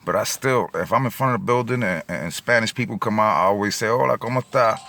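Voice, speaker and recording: A man's voice: fairly low pitch, fast talker, bright, forceful tone, soft background music. A middle-aged man with a New York accent, telling a story in a casual vlog. He rambles with many fillers and gets emotional. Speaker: vlogger. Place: in and around his car at a gas station.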